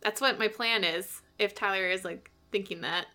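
A woman's voice: mid-range voice, moderate pace, bright, forceful tone. A woman playing a tabletop game, chatting casually and laughing along. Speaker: player.

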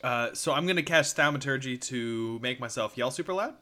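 A man playing a tabletop game, reading spell rules in a casual, hesitant way. His voice is bright and at a middle pitch. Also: fairly quick. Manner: hesitant, full of "uh" and "um". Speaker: player.

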